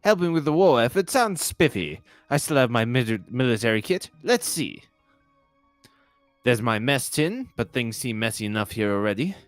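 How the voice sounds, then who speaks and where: A man puts on a pompous, dotty old English army brigadier for a comedy adventure game. He blusters in a posh English accent and his pitch bounces widely. The recording is dry and close, with soft music behind. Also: very animated, normal speed, dry recording, natural voice. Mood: jolly. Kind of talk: game dialogue read aloud.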